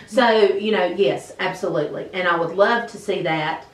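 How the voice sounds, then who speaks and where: Woman teacher, lowish voice, chatty with fillers; distant mic, roomy sound. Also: fairly quick, few pauses. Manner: conversational, with frequent fillers. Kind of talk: interview answers. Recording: echoey room, mic at a distance.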